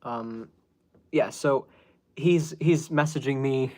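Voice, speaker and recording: A man's voice: medium pitch, slow pace, darkish tone. A man hosting a podcast, telling a story in a casual, exasperated way, laughing often and swearing as he quotes the people involved. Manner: exasperated, laughing, swearing, quoting others in recounted dialogue. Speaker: podcast host.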